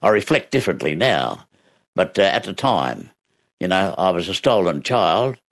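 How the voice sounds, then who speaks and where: A man's voice: low voice, big pitch swings, normal speed. An Australian man, an interview guest and actor, telling stories from his past in a reflective way, acting out voices and laughing along. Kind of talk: reflective storytelling.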